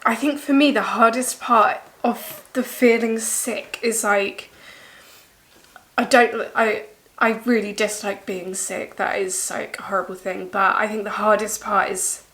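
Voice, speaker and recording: A young woman talking through her day in a casual personal vlog, emotional and tearful, speaking softly with frequent pauses. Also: mid-range voice, steady tone, husky. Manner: emotional, teary, soft-spoken. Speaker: vlogger.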